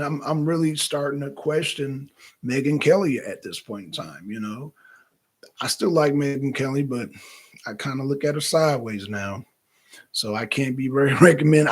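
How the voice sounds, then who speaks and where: A man hosting a talk show, giving casual, animated political commentary that rambles and repeats itself. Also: mid-range voice.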